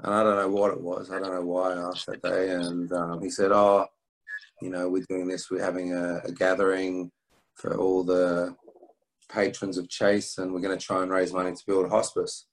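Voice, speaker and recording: A middle-aged man from England, telling a personal story as an interview guest, halting with restarts and fillers. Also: sits low, little pitch movement, low-quality recording. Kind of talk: reflective storytelling.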